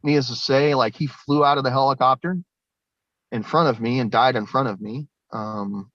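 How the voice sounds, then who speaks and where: Male guest, loose rambling talker with frequent profanity, mid pitch, muffled lo-fi recording. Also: fairly even intonation, normal speed, fairly bright tone, dry recording. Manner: rambling, swears often, laughs between lines. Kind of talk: casual spoken testimony. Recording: dull lo-fi sound, dry.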